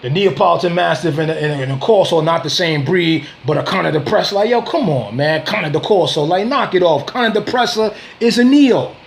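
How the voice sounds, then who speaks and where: A man's voice: on the high side, animated, brisk, gravelly, hardly any pauses. A man ranting on a casual video, confrontational, using street slang, repeating himself and laughing scornfully between points. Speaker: dog breeder and vlogger.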